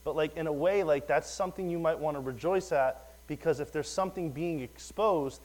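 A man's voice: fairly high pitch, brisk, darkish tone, low-quality recording. Rambling, conversational man preaching. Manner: rambling, conversational, fillers and asides. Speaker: lay preacher. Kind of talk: informal sermon.

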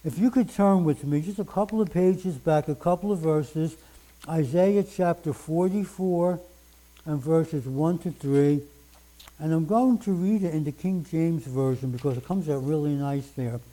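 An older man preaching a sermon, reading scripture slowly and with emphasis. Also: a little high, mellow, rough recording.

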